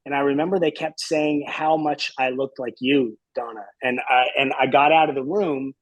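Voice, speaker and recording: A man's voice: medium pitch, fairly even intonation, normal speed, no room sound, highs cut off. A man in his fifties, a podcast guest reminiscing in casual chat, hesitant and rambling with many fillers.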